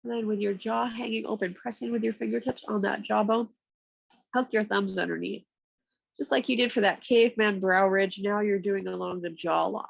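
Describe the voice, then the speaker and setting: A woman with a stuffy, congested voice, calmly giving slow step-by-step yoga and massage cues on a nearby mic. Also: medium pitch, gravelly, dry recording, dull audio. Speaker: yoga instructor. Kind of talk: guided yoga instruction. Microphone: external mic nearby.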